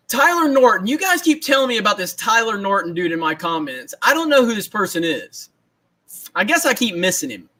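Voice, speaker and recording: A young man with a high, bright voice rants excitedly on a casual livestream. He repeats himself, keeps cracking himself up, and talks with loose, playful energy. The tone stays sharp and lively. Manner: excited, repetitive, laughing often. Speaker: host.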